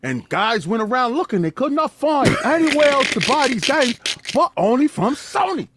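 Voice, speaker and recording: High-pitched, animated male podcast host. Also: normal speed, background noise. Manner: animated, laughing a lot, playful mock-British lines. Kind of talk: comedic banter.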